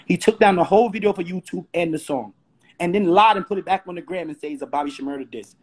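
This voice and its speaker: Ranting combatively on his live stream, a Brooklyn, New York host fires off rhetorical questions again and again through a phone or webcam. He talks fast, and his voice sits high.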